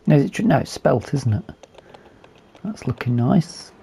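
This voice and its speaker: A man with a hoarse, fading voice, calmly commentating a game as he plays and thinking aloud with fillers. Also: mid-range voice, moderate pace, a little hiss or hum. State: losing his voice. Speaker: gaming video host.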